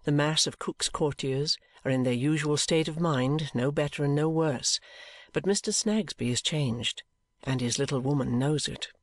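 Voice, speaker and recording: A volunteer narrator reading a classic novel in a measured, even manner at a middling pitch. The recording is dry and close, with no room sound around the voice. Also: no room sound. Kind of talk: audiobook narration.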